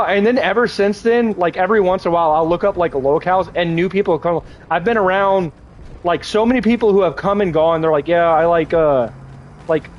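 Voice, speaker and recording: A young man talks loosely while he plays a game on stream, his voice sitting a little high. He rambles from story to story, swears freely and keeps breaking into laughter. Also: rough recording. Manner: rambling, laughing often, crude. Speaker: gaming streamer. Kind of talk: casual chat while gaming.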